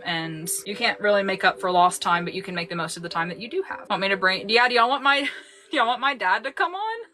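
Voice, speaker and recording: Woman, young adult, bright voice, chatty, laughs a lot, livestream host. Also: lowish voice. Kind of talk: casual livestream chat.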